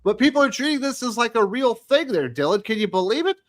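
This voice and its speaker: Brief: male podcast co-host, high voice, crude joking banter. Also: sing-song, fast talker. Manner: crude, jokey, swears freely. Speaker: podcast co-host reading listener questions. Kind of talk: casual panel chat.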